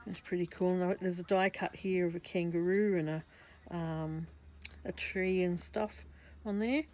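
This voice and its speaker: Chatty Australian woman, low-pitched. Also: fairly even intonation, measured pace, darkish tone. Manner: chatty and meandering, with frequent self-corrections. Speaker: craft vlogger. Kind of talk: casual craft journal flip-through.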